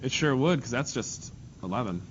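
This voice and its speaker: A man's voice: mid-range voice, animated, moderate pace. Guy teaching math in a classroom, joking around, calling on kids, faint hiss in the background. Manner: casual, joking, calls on students by name. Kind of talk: classroom lesson. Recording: dull lo-fi classroom recording with faint noise.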